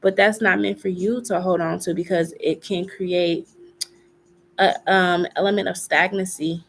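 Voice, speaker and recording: A woman's voice: on the low side, steady tone, measured pace, a little hiss or hum. A woman giving a live tarot reading in a chatty way, repeating herself and filling gaps with little asides. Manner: chatty, repeats phrases, many fillers. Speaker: tarot reader.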